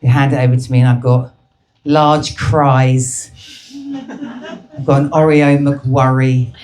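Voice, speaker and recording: A woman's voice: very deep voice, flat delivery, takes it slowly, a little mellow, a little hiss or hum. A woman performing a brash, crude stand-up comedy set, teasing the crowd at a live show.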